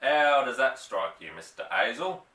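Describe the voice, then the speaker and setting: A man's voice: medium pitch, big pitch swings, a little slow, bright, forceful tone, echoey room, distant mic. A man voicing a sly, jovial village police sergeant, dropping and adding h's. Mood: hearty. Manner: hearty, dropping and adding h's, mock-respectful.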